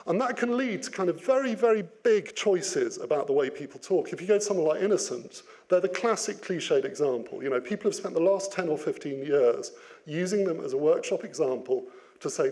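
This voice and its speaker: A man giving an interactive business talk, lively and playful, putting questions to his audience. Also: a little high, a little fast. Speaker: business speaker.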